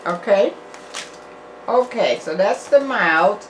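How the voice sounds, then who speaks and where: A woman's voice: mid-range voice, animated, slow, slight background noise. An older woman hosting a casual food review vlog, chatty and encouraging, sometimes preachy and repetitive. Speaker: channel host, food reviewer.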